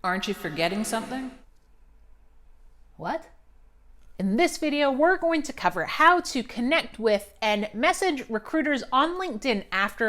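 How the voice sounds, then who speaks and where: A woman's voice: fairly high pitch, a bit bright. A woman who writes resumes and coaches job seekers, giving a scripted video lesson in an upbeat, emphatic, punchy way.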